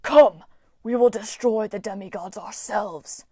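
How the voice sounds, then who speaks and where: A woman's voice: mid-range voice, unhurried, dark tone, slightly rough, no room sound, studio quality. Furious bellowing robot-knight villain, warbling voice, a woman putting him on. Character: menacing male armored automaton villain.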